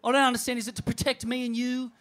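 A man with an Australian accent co-hosting a live comedy podcast, a foul-mouthed storyteller who rambles and often shouts. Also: extremely high pitch, little pitch movement, racing. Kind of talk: crude comedic surfer banter. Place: in front of a live crowd.

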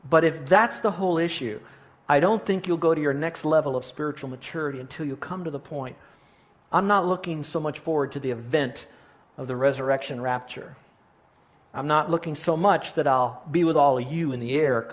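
A man's voice: on the high side, fairly quick. A middle-aged male pastor preaching a sermon, earnest and pastoral, often restarting his sentences.

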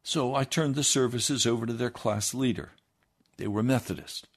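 A man reading a first-person memoir aloud in a steady storytelling manner. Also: mid-range voice, moderate pace. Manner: steady storytelling with lively acted quotes. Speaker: reader.

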